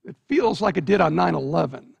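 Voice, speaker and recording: A man with a high, gravelly and husky voice tells a sermon story to his listeners, pulling them in with "you". He builds suspense steadily, line by line. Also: animated, brisk. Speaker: preacher. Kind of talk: sermon illustration, second-person storytelling.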